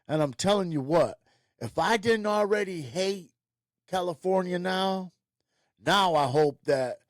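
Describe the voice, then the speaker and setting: A man's voice: sits high, lively intonation, measured pace, dry recording, studio quality. Blunt, profane man ranting. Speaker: host. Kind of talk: ranting commentary.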